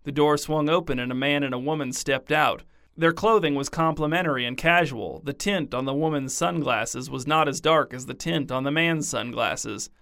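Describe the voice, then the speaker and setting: A man narrating a story in a deadpan, scripted reading. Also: a little high, normal speed, creaky, no echo, studio quality.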